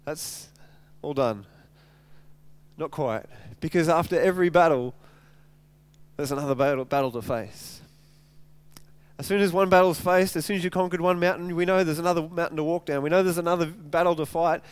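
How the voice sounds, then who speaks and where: High-voiced pastor preaching. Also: male voice, moderate pace, clean tone, no room sound. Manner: animated storytelling, retelling scripture in casual speech; frequent stumbles and repeated words. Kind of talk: sermon.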